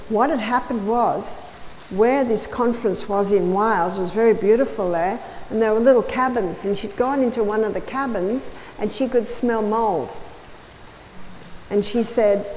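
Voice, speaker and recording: Casting: higher-pitched woman lecturer, storytelling with repeated phrases, long hall echo. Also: a little mellow. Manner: storytelling, emphatic repetition. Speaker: health lecturer. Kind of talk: health lecture to an audience. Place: large hall or church. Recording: reverberant hall with faint noise.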